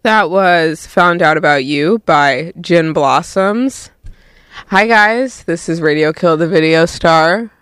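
A man's voice: fairly high pitch, takes it slowly, fairly bright tone, clear, resonant tone, no room sound, clean studio sound. A young man hosting a radio show, chatting casually in a tired, laid-back way, rambling with lots of "like" and "um". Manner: rambling, filler-heavy, full of "like" and "um".

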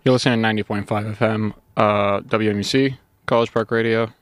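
A young man hosting a college radio show, out of breath, talking in a halting way with many fillers and restarts. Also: on the low side, fairly even intonation, clear, resonant tone, no room sound, studio quality. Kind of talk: casual radio chat.

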